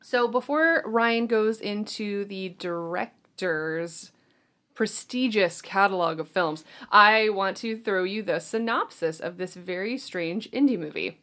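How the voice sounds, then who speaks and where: A woman hosts a relaxed movie podcast among friends. Her voice sits at an ordinary middle pitch, and she talks in a loose, chatty way, laughing often. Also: slow pace. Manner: chatty, laughs often, reads synopsis aloud. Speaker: podcast host. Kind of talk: casual film podcast chat.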